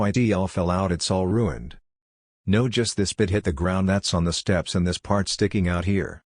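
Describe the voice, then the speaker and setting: A man with a very low voice reads a web post aloud in the first person. His delivery is plain and steady, and the sound is close and dry. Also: dry recording. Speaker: narrator.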